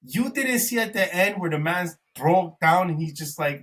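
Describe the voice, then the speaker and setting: A young man co-hosting a podcast in casual, animated chat, swearing often and calling his friend "bro". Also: high voice, moderate pace, hardly any pauses, distant mic. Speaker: podcast co-host.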